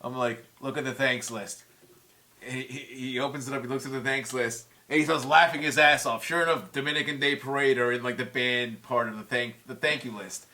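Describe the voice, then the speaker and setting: A man's voice: medium pitch, fairly even intonation, a little fast, few pauses, bright, forceful tone. A man in his forties, a guest musician in a casual chat, telling stories with heated, profane language. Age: 40s.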